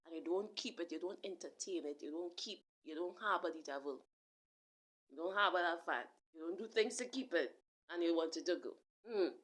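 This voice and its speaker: Here the same kind of online sermon comes from a woman whose voice is on the low side and fairly bright, moving at a fairly quick pace. Calling herself a prophet and preacher, she addresses listeners directly, repeating herself earnestly and restarting lines.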